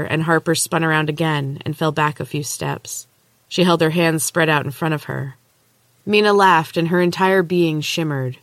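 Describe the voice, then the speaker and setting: A woman podcast host narrating a novel chapter aloud in a steady, measured way. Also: deep voice, no echo. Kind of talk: storybook narration.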